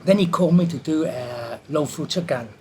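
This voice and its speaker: Animated male storyteller, slightly high voice. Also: moderate pace, a little hiss or hum. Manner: animated anecdote teller who acts out quotes. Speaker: martial artist and film stunt performer. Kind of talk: storytelling in an interview.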